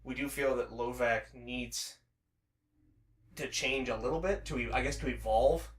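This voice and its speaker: A man's voice: mid-range voice, steady tone, a little slow, echoey room. A man co-hosting a podcast in casual chat, rambling with many restarts and filler words. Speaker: podcast co-host.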